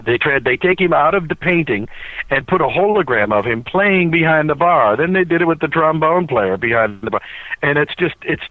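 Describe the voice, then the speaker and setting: A man who works as a voice actor, telling a casual anecdote as an interview guest. He talks in animated bursts full of restarts and "uh"s. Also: on the high side, normal speed, dry recording. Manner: animated storyteller, lots of filler "uh"s and restarts. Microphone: cell phone recording. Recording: tinny phone-quality recording, dry.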